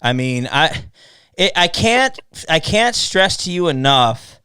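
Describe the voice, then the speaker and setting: Male podcast host, slightly high-pitched, profane and animated storyteller, dry close sound. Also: slow, clean tone, no room sound. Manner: profane, animated storytelling with mocking quoted voices. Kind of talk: casual podcast chat.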